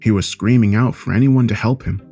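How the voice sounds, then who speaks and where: A man reading a scary story aloud in a measured, steady storytelling voice. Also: lowish voice, faint music behind. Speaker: narrator. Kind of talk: scripted horror story narration.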